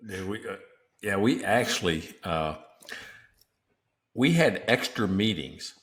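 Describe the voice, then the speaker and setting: Lower-voiced man co-hosting a business podcast. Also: lively intonation, takes it slowly, a bit bright. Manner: emphatic, teaching with worked examples. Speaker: podcast co-host. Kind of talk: casual podcast chat.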